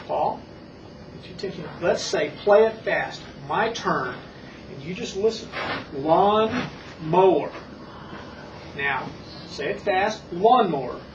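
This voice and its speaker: A reading instructor demonstrates a lesson, coaching a small child with slow, exaggerated words and calm repetition. The voice sits at a middle pitch and comes from far off in an echoey room. The tape is dull and hissy. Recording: echoey, distant, muffled old tape with hiss.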